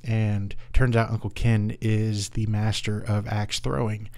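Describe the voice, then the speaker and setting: A young adult man hosting a casual podcast, telling stories in a relaxed way with plenty of fillers. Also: on the low side, measured pace. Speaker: podcast host. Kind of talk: casual chat.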